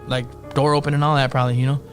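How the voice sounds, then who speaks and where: A man's voice: medium pitch, flat delivery, rapid-fire, over music. A man casually telling a ghost story on a podcast, profane and slangy, acting out the other people's lines. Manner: profane, slangy, acts out quotes in voices.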